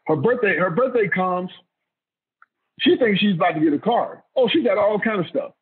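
Man, middle-aged, interview guest, husky, emphatic storyteller, tinny phone-like sound. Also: high-pitched, moderate pace. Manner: animated storyteller, repeats himself, emphatic. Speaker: guest, former pro football player.

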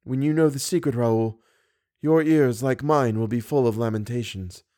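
A man voicing a frightened young woman who speaks in a hushed, trembling way, in an audiobook reading. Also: mid-range voice, normal speed, dry recording, studio quality, lightly acted. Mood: solemn.

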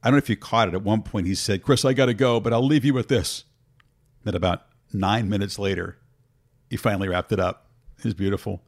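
A man's voice: on the low side, fairly quick. A man hosting a talk show, speaking earnestly and thankfully, often repeating words as he starts a thought. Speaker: host. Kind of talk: casual chat.

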